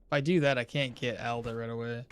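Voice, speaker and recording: A man's voice: mid-range voice, fairly even intonation, fast talker, clean tone. A man streaming a game live, chatting casually, rambling into asides and chuckling often. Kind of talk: casual live-stream chat while playing.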